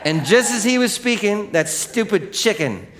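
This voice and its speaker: Nasal, animated preacher man. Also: high-pitched, normal speed. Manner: animated, jokey storytelling that drops to hushed earnestness. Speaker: pastor. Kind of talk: sermon.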